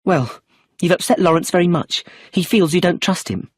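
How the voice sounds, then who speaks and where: A man's voice: sits high, moderate pace, husky, no room sound, clean studio sound, voice pushed up. A man reading an audiobook, voicing a young widow who screams and pleads in panic. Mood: sharp. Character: young woman, hysterical widow facing arrest.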